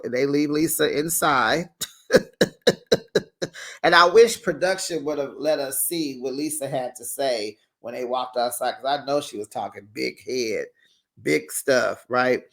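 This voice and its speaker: A man hosting a casual TV recap, animated and laughing often as he acts out what people said. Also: medium pitch. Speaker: TV recap host.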